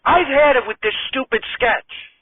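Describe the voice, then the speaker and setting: A man voicing a sweet, bubbly female comedian, speaking in a breathy falsetto. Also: measured pace, slight background noise. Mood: fed up. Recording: tinny distant phone-like sound.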